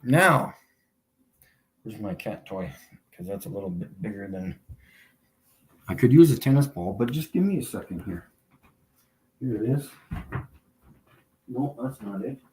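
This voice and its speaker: A man hosting a casual livestream, mocking his viewers and laughing often as he repeats his points slowly for emphasis. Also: on the low side, expressive. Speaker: livestream host.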